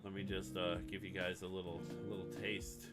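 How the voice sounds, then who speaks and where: A man's voice: sits low, flat delivery, brisk. Rambling, chatty male streamer. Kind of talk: casual live-stream chat while building a website. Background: music playing.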